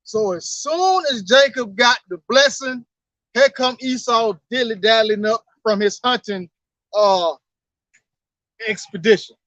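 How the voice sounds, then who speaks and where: Very high-pitched man explaining scripture casually. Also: unhurried, a bit bright, no echo. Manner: paraphrases verses in slang, keeps asking "you know what I'm saying". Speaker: Bible study commentator. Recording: dull lo-fi sound.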